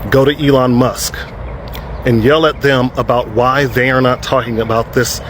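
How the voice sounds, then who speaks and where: Sarcastic male creator talking to camera outside, street noise clearly audible. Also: mid-range voice, steady tone, moderate pace, a bit bright. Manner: sarcastic, mocking. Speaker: social media creator. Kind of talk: direct-to-camera commentary.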